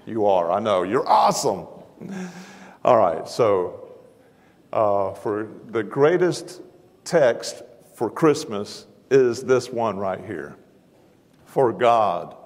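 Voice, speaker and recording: A man's voice: on the low side, darkish tone. A man preaching a sermon in a large church auditorium, folksy and self-deprecating in manner. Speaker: guest preacher. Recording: long hall reverb.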